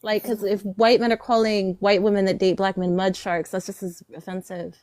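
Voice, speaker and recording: A woman's voice: medium pitch, flat delivery, moderate pace, darkish tone. Guarded, defensive woman caller. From Western Pennsylvania. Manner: guarded and defensive, arguing back. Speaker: caller on a livestream. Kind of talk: casual livestream chat.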